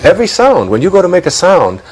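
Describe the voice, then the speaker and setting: A man's voice: high-pitched, huge pitch swings, fast talker, a little mellow, husky, rough recording. A man with a Detroit accent, speaking as a guest in a reflective spiritual interview, musing aloud, chuckling often and repeating words as he thinks.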